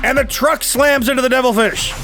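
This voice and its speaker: A man giving brisk play-by-play commentary over a tabletop wargame. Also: extremely high pitch, sharp tone, soft background music.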